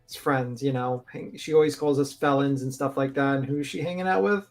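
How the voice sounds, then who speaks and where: A man joining a livestream panel, teasing the host and gossiping in halting, restarting speech. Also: mid-range voice, steady tone, faint music behind. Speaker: panel guest. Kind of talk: casual livestream chat.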